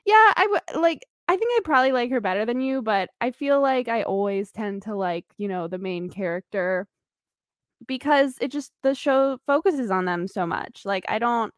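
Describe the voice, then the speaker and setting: A woman's voice: a little high, animated, moderate pace, dry recording, clean studio sound. A woman co-hosting a podcast, chatting casually with a giggly manner and lots of fillers. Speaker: podcast co-host. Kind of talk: casual chat.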